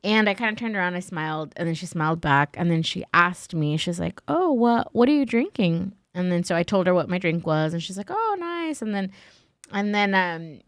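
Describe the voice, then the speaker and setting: A woman's voice: on the low side, brisk, fairly bright tone, clean tone, no echo, studio quality. A woman guest on a podcast, telling a story in casual chat, acting out the voices she quotes, with lots of "like" and "right?". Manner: says "like" and "right?" a lot.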